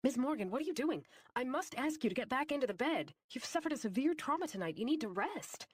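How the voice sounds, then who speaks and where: A woman's voice: high voice, lively intonation, fast, a little hiss or hum, voice pushed up. A woman voicing a firm, insistent female doctor in an audiobook, speaking in a formal, pleading way. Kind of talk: audiobook character voice.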